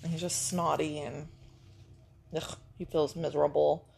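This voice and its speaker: A woman's voice: deep voice, level tone, measured pace, gravelly, a little mellow, a little hiss or hum. A middle-aged woman chatting casually, a gushing grandmother with lots of fillers. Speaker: vlog co-host, grandmother. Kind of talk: casual breakfast chat.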